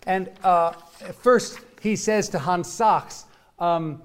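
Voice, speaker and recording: A man's voice: high-pitched, slow pace, clean tone. A man giving a classroom lecture to a live audience, explaining in a chatty way and walking listeners through examples. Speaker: music lecturer.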